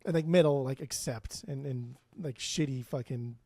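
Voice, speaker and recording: A man's voice: mid-range voice, moderate pace, warm tone, dry recording. A man co-hosting a podcast in casual chat, rambling, swearing freely and restarting his sentences. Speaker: podcast co-host. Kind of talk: casual chat about music.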